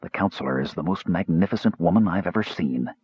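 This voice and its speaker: A man voicing a big, burly male warrior who speaks in a low, curt, gruff way in a dull, dry audiobook recording. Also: very animated, normal speed, no room sound. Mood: dreamy.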